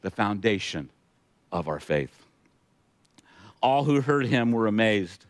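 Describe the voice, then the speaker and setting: A man's voice: fairly low pitch, sing-song, takes it slowly, pauses often, no echo. A male pastor preaching a sermon, retelling scripture with emphatic asides to the congregation.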